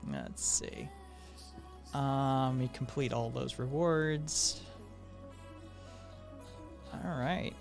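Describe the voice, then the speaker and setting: Profane, animated male streamer. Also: medium pitch, drawn-out words, gravelly, long pauses, soft background music. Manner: profane, animated, reads chat messages aloud. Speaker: streamer host. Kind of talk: casual live-stream chat.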